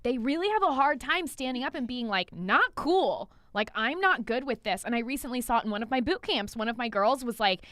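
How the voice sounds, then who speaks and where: An upbeat woman hosts a business podcast and talks energetically with a fairly high voice. She is casual and blunt, with quick asides. The sound is dry and close to the mic. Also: expressive, a bit bright, no room sound. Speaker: podcast host, business coach.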